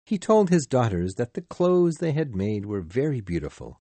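A man narrating a storybook in a slow, measured, expressive way. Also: mid-range voice, no room sound. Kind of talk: storybook reading.

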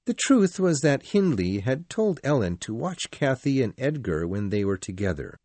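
Guy reading a storybook, kinda husky, lively pitch, dry close sound. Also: no echo. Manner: measured, expressive. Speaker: narrator.

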